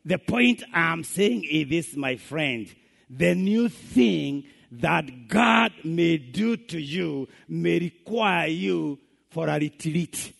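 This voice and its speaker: A man's voice: a little high, animated, takes it slowly, vocal fry, fairly bright tone. A man with a Kenyan accent preaching a sermon, emphatic and switching between English and Swahili.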